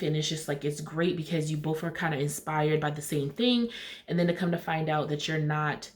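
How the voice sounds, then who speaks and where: A woman casually recapping a TV episode, chatty, retelling scenes in paraphrased dialogue. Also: sits low. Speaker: TV recap vlogger.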